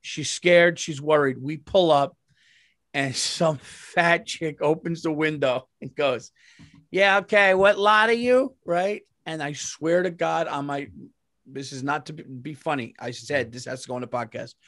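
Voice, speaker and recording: Man, podcast host, animated profane storyteller, fairly high pitch, dry studio sound. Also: normal speed, no echo. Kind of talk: comedic storytelling.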